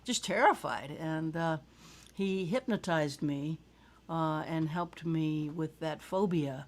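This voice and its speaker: A woman from South Louisiana, hosting a casual show, talking haltingly with many filler sounds and reading aloud from her book. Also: low voice. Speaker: singer-songwriter host.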